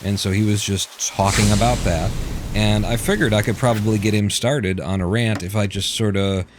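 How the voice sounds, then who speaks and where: Low-voiced man rambling while gaming. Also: normal speed. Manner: digressive, swears casually, trails off and restarts. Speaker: game streamer. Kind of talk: rambling commentary while playing. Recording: steady clicking noise underneath.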